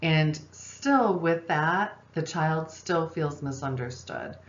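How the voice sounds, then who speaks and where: A woman with a low voice gives a recorded parenting lesson, calm and explanatory. She pauses on fillers and checks in with "okay?" The room is echoey and the sound is dull and lo-fi. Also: a little hiss or hum. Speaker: parenting instructor and social worker.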